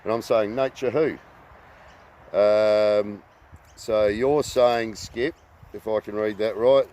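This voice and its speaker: Halting deep-voiced man. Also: fairly even intonation, darkish tone. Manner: halting, full of ums and uhs. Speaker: host. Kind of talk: rambling casual talk.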